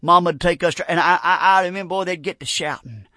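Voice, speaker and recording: A man preaching a fervent, folksy revival sermon, breaking into shouts. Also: sits high, quick pace, no room sound, clean studio sound. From North Carolina. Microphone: broadcast on radio.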